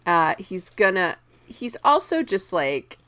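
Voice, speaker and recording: A woman's voice: fairly low pitch, big pitch swings, takes it slowly, a bit bright, dry recording. A woman chatting casually about a book, retelling scenes with playful put-on quotes and frequent laughter. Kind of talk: casual book discussion chat.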